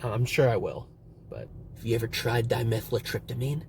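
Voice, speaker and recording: A man's voice: mid-range voice, fairly quick, gravelly, a little hiss or hum. A young man casually vlogging and telling stories in a rambling way, with lots of swearing. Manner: rambling, swearing, animated retelling. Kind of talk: casual storytelling to camera.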